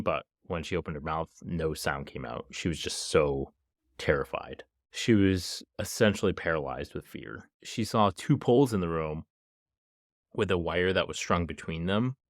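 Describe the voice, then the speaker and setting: A man's voice: low voice, animated, a little slow, no echo, studio quality. A man hosting a podcast, retelling a true crime story casually with frequent "like" and small laughs. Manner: casual, laughs between lines, lots of "like". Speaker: podcast host.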